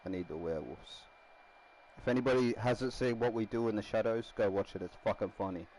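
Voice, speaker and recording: A man's voice: lowish voice, brisk, a little mellow, slight background noise, poor audio. A man casually commenting while building a rugby team in a game, rambling and laughing often. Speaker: gaming streamer.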